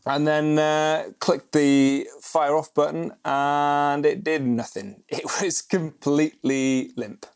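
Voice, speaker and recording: A man's voice: fairly high pitch, steady tone, slow pace, vocal fry, hardly any pauses, clear, resonant tone. A man co-hosting a podcast, telling stories in a chatty, self-mocking way and laughing often. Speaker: podcast co-host. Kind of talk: casual podcast chat.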